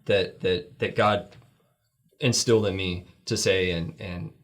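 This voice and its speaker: A man's voice: fairly even intonation, unhurried. A middle-aged man, a guest on a church talk show, telling a heartfelt story with many restarts, lifting his voice when he quotes people. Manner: rambling, heartfelt, acts out quoted lines in a higher voice.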